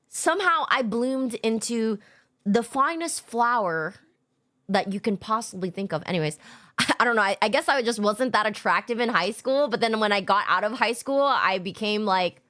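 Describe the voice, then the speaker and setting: Young woman streamer yapping, kinda high voice, cussing and roasting herself. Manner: animated, swearing, self-mocking storyteller. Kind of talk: casual chat.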